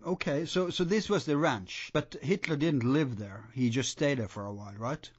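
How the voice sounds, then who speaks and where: A man's voice: medium pitch, moderate pace, husky. Male interviewer on dull audio. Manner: brief prompts and listening noises. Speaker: podcast interviewer. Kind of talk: casual interview.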